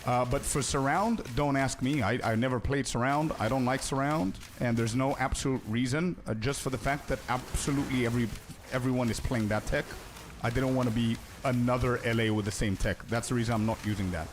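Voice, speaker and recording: Fairly quick and steady in tone, this young man's mid-range voice comes through with slight background noise. He's streaming a game in a casual, chatty way, fielding viewers' questions and dropping "bro" often.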